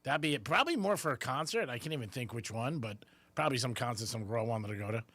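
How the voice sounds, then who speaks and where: A man's voice: medium pitch, expressive, fast talker, pushed and bright, dry recording. A man co-hosting a radio show, talking casually and rambling with hesitations. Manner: rambling, hesitant, chimes in with short reactions. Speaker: radio co-host.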